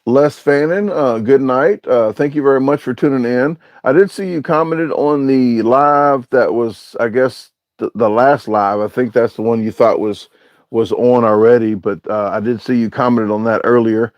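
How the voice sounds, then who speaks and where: A man's voice: mid-range voice, steady tone, normal speed, a little mellow, no echo. A man hosting a casual livestream, reading out viewer comments and answering them in a rambling, hesitant way with lots of filler sounds. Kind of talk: casual live-stream chat.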